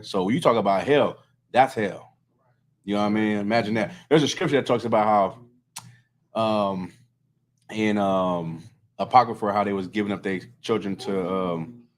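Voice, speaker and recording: A man teaching scripture to a small group in a loose, conversational way, often checking that listeners follow. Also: on the low side.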